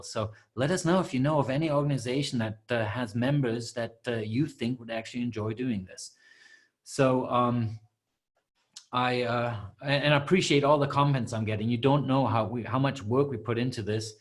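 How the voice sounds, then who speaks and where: Man, coach, live webinar answers, rambling with fillers and restarts, mid pitch.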